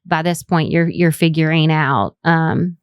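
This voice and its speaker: A woman with an Appalachian accent speaks in a low, smooth voice, recorded close and dry. She is a former juror in a relaxed podcast chat, weighing her words with small pauses. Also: no room sound. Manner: measured, recalls trial details with hesitations. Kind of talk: casual podcast conversation.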